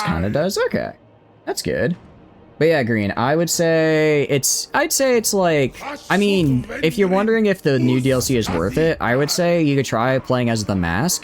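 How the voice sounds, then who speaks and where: A young male streamer from the Southeastern United States, with a Southern accent, chats casually while playing a strategy game. His voice is medium-pitched over background noise, and he rambles and corrects himself as he answers chat.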